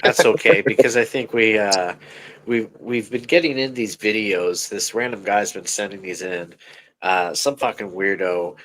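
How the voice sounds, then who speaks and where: A man's voice: lowish voice, moderate pace, a bit bright, rough recording. A man co-hosting a comedy podcast, making dry, sarcastic asides with casual swearing. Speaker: podcast co-host. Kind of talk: casual live podcast chat.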